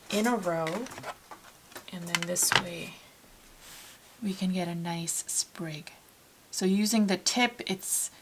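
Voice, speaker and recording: Low, gravelly-voiced woman teaching painting. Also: noisy background. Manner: talks softly while painting, dropping to near-whispers; chatty and relaxed, with fillers and self-corrections. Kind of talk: casual painting tutorial.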